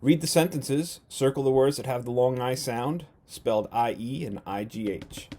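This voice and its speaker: A man's voice: mid-range voice, mellow, slight background noise. Man teaching phonics to young children. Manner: slow, clear, sounding out letters with exaggerated questions. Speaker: first grade teacher. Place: at home.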